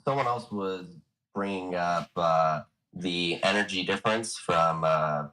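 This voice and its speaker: A man's voice: sits low, unhurried, bright, forceful tone, low-quality recording. A man calling in with a question during a live chat, hesitant and full of fillers. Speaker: caller asking a question. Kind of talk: casual chat.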